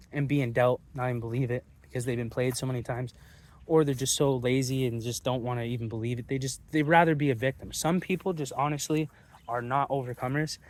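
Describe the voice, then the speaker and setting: Guy ranting at his viewers, swears a lot, blunt and pushy, just talking casually. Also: medium pitch. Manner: profane, blunt and combative. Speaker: channel host.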